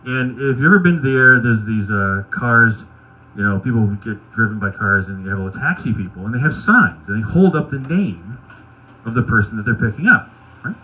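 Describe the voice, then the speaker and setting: A man doing stand-up, telling wry, crude anecdotes in a deadpan way. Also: mid-range voice, a little fast, muffled recording. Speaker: stand-up comedian. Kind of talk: stand-up storytelling at an open mic.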